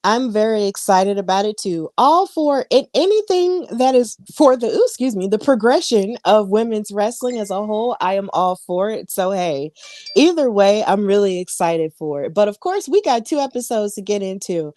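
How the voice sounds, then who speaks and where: A woman's voice: medium pitch, expressive, moderate pace, dark tone, no echo, studio quality. A woman co-hosting a podcast, recapping wrestling in a chatty way with lots of fillers and asides. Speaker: podcast co-host. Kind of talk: casual wrestling recap chat.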